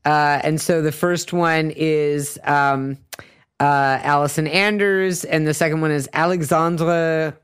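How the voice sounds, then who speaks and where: Smooth-voiced podcaster musing on a film. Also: medium pitch, steady tone, takes it slowly. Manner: hesitant, filler-heavy, enthusiastic. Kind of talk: casual film discussion.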